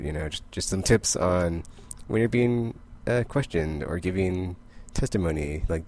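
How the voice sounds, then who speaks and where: A man's voice: low-pitched, a little slow, hardly any pauses, darkish tone, slight background noise. A young man casually recapping comic issues in a rambling way, full of fillers and quoted character lines. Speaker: comic book vlogger.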